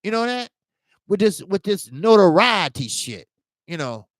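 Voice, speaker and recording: Rambling, profane stories and emphatic rants scolding fighters fill this boxing talk-show host's casual commentary monologue. His voice is high, very animated, and a bit bright, with an unhurried pace and no echo.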